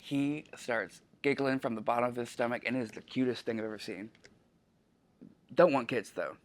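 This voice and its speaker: A man's voice: medium pitch, normal speed. A man who works at a library, telling chatty, self-deprecating stories in a casual interview, with lots of filler ums and frequent laughter. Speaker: library staff member. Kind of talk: casual anecdotal interview answers.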